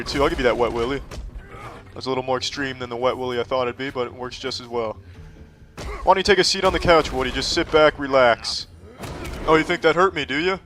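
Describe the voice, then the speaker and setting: A man's voice: mid-range voice, a bit bright. A man giving crude, sarcastic gameplay commentary and talking trash to the enemies in the game. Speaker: gaming commentator.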